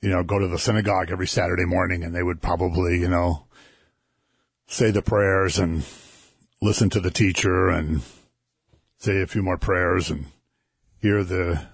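A man chatting casually about scripture on a talk show, relaxed and chuckling as he tells stories. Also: deep voice, normal speed, gravelly, long pauses, husky, no echo, clean studio sound. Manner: conversational, chuckling, relaxed storytelling. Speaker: co-host discussing scripture. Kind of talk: casual Bible discussion.

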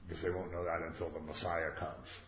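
A man's voice: sits low, steady tone, fairly quick, fairly bright tone, a little hiss or hum. A man leading a Bible study, commenting on scripture in a chatty way with jokey asides and rhetorical questions. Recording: echoey, dull lo-fi room recording.

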